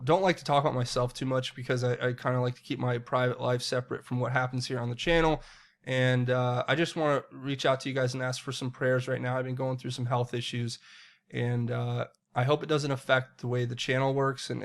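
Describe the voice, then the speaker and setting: Earnest man hosting a commentary vlog. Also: medium pitch. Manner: earnest, direct address to viewers. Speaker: political commentary channel host. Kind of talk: solo political commentary monologue.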